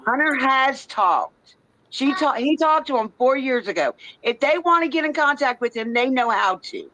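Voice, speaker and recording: A woman's voice: high voice, animated, moderate pace, pushed and bright, slight background noise, poor audio. A woman on a livestream speaking in a matter-of-fact, emphatic way. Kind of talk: livestream talk.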